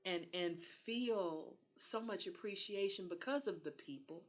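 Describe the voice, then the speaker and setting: A woman's voice: fairly low pitch, measured pace. A woman, talking earnestly in a casual podcast conversation and acting out the voices she quotes. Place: Texas.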